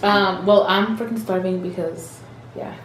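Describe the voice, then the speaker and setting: A woman's voice: mid-range voice, measured pace. Chatty young woman host, echoey room. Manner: chatty, relaxed, laid-back slang. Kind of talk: casual mukbang chat. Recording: echoey room with faint noise.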